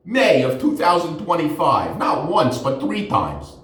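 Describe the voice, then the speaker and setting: A man's voice: sits high, big pitch swings, normal speed, few pauses, very echoey, far from the mic. A man, a forensic accountant, rambling sarcastically in a heated monologue while he shaves.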